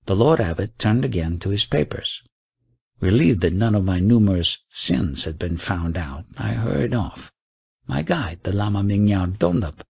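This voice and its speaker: A man narrates a first-person story in a measured audiobook read. His voice sits low with a gravelly, husky grain. The delivery rises and falls expressively, and the sound is close and dry. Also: no echo.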